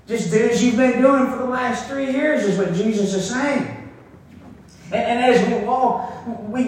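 A high-voiced man preaches a relaxed sermon, doubling up his words and chuckling at his own stories. His voice echoes heavily around the room. The mic sits far from him. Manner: conversational, repeats words, laughs at own stories. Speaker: pastor.

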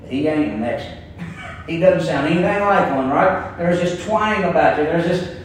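A man's voice: fairly high pitch, expressive, normal speed, a little hiss or hum. A man with a Kentucky twang preaching a sermon as pastor, folksy and emphatic, telling stories to make his points. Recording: echoey room, voice picked up from a distance.

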